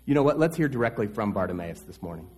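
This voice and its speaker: A man's voice: on the low side, very animated, quick pace, darkish tone, husky. Conversational male pastor preaching. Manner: conversational, asks rhetorical questions. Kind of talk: sermon.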